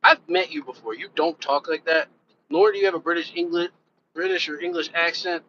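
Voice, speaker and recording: Guy chatting on his live stream, kinda high bright voice, dull muffled audio with a bit of hiss. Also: fairly even intonation, brisk. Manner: loose, rambling, curses casually, talks straight to viewers. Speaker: reaction channel host and rapper. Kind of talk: casual live-stream chat. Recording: dull lo-fi sound with faint background noise.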